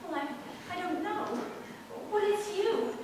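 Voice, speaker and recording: A jittery, stammering suburban mother, acted by a woman on stage in a high voice. She sounds far off in a big echoing hall, with a long reverb and some clear background noise from the room. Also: slow pace. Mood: flustered. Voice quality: flustered, stammering, fretful. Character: nervous married suburban mother, flustered. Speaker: amateur stage actress. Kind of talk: live amateur stage play. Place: theatre stage.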